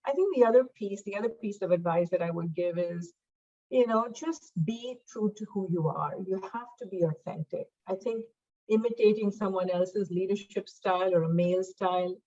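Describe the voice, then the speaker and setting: A middle-aged woman guest on a podcast, speaking in a measured way with many fillers. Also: mid-range voice, warm tone, lo-fi sound. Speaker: podcast guest, diversity expert. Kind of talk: conversational interview.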